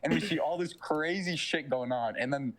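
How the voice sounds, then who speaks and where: A man's voice: on the high side, normal speed, fairly bright tone. Young man rambling through a story. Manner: rambling retelling full of fillers and swearing. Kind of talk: casual chat.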